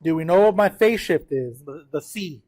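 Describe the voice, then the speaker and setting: A man's voice: a little high, animated, moderate pace, darkish tone. Upbeat man teaching a math lesson. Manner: checks in often with the class, counts numbers aloud. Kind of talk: classroom lesson, working through a graph.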